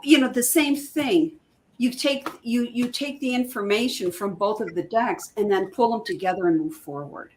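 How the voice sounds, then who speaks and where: A woman's voice: fairly high pitch, normal speed, slight background noise. A woman who is a guest in a casual chat, explaining her ideas with enthusiasm. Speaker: guest, oracle card creator.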